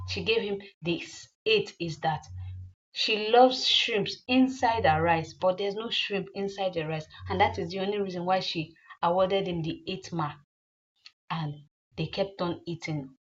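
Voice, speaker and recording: Brief: woman, casual film recap narration, mid pitch, muffled recording. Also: unhurried. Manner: rambling, with fillers and repeats. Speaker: movie recapper. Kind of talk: casual plot retelling.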